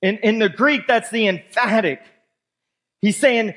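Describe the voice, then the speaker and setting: A man's voice: high-pitched, a little slow, long pauses, fairly bright tone. A male pastor preaching a sermon. He reads scripture aloud and talks emphatically as he walks his congregation through the verses.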